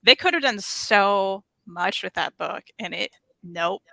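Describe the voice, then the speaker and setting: Bright, gravelly-edged woman co-hosting. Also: medium pitch, lively intonation, no echo. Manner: playful teasing, quick laughs. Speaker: co-host. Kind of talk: casual chat.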